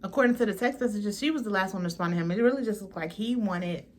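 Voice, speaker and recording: A woman's voice: medium pitch, expressive, fast talker, hardly any pauses, a little hiss or hum. A young woman hosting a casual reality TV recap, blunt and slangy, swearing freely and mimicking the cast.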